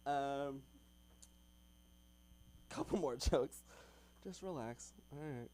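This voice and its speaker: A man's voice: mid-range voice, extremely slow, darkish tone. A young man doing open mic stand-up in a comedy club, chatty with lots of ums and little laughs.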